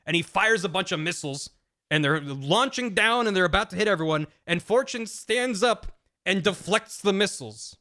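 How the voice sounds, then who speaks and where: Bright-voiced rambling streamer man. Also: sits high, moderate pace. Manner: rambling and jokey, with frequent restarts and laughs; animated storytelling. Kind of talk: casual plot recap on a live stream.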